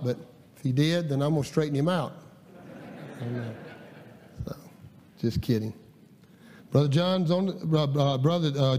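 A man's voice: a little high, a little mellow. A man preaching a sermon in a folksy, storytelling way, with frequent fillers and restarts. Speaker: guest preacher. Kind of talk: sermon with scripture reading. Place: church sanctuary. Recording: long church reverb.

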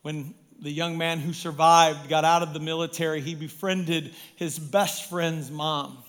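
High-voiced man preaching a sermon. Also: steady tone, a little slow. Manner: emphatic, swinging from loud to hushed. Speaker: pastor.

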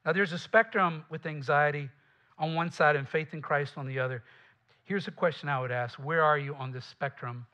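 A man from the American South with a Southern accent, preaching a lively, conversational sermon with asides to the congregation. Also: fairly high pitch, moderate pace. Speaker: pastor.

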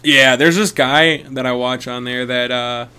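A man's voice: medium pitch, fairly even intonation, unhurried, bright, forceful tone, smooth. A young man co-hosting a casual podcast, rambling through stories, swearing freely and laughing often. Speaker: podcast co-host.

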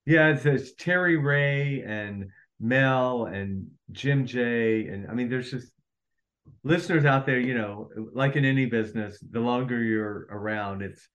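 A man's voice: medium pitch, a bit bright. A man who is an actor, a guest on a podcast, chatting casually and agreeing readily. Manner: easygoing, agreeable, affirms often. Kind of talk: casual chat.

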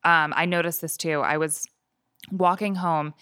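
A woman's voice: sits low, steady tone, unhurried, a bit bright, clear, resonant tone, dry recording, studio quality. A woman guest on a podcast, chatting playfully and telling stories. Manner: chatty storyteller, playful, laughs easily. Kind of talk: casual chat.

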